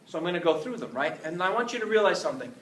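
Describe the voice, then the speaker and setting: A man giving an energetic talk to a live audience, joking and putting questions to the crowd. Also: sits high, very fast. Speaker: speaker giving a talk on innovation. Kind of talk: lively presentation to a live audience. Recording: roomy, distant mic with faint noise.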